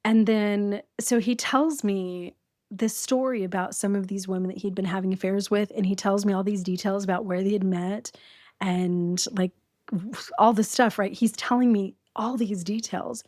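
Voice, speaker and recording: A middle-aged woman tells a story as a podcast guest, lively and quick. She laughs often. Her voice sits at an ordinary pitch, and the recording is dry and close. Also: no room sound. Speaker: guest, abuse survivor.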